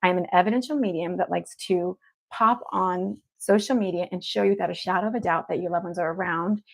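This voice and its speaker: A woman's voice: on the low side, a little fast, gravelly. A woman, an evidential medium, chatting casually and effusively with viewers as she hosts a livestream. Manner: effusive and upbeat, repeats affection to the audience.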